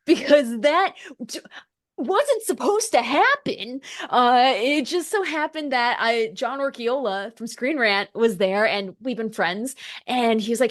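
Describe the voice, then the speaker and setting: A woman meteorologist from the United States, a podcast guest, telling stories in casual conversation with excited, laughing energy and quoted voices. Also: high-pitched, normal speed.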